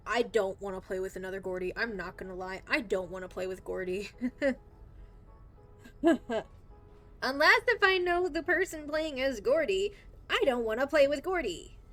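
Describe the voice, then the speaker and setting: Young woman, game streamer, high voice, frustrated swearing commentary, music behind. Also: lively intonation, moderate pace, a bit bright. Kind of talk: live gameplay commentary.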